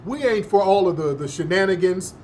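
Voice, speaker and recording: A man's voice: sits high, a little fast, a little mellow, a little hiss or hum. A male host giving opinionated political commentary in an emphatic, slangy, scoffing manner.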